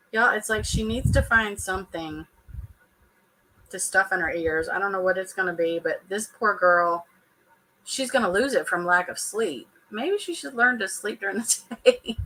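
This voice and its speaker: A woman's voice: medium pitch, pushed and bright, low-quality recording. A woman, chatting casually and laughing often as she reacts to a show for her viewers. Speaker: reality TV reaction vlogger.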